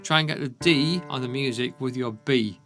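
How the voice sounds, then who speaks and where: Over loud piano playing in the background, a Yorkshire-accented man teaches a beginner's piano lesson. He speaks at normal speed in a mid-range voice, counting the beats and frequently checking in with "okay?".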